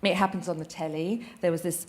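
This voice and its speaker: A woman's voice: fairly low pitch, fairly even intonation, brisk, darkish tone. A woman speaking at a live event, sarcastic and sweary, laughing often as she talks. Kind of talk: comic stand-up style talk. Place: event hall with audience. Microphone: handheld mic.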